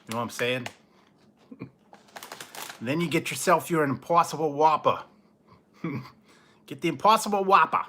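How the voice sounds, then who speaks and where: A man voicing a brash, joking Boston man who hypes up spicy chips in loud, drawn-out catchphrases. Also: medium pitch, completely flat delivery, a little hiss or hum. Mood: joking, boisterous.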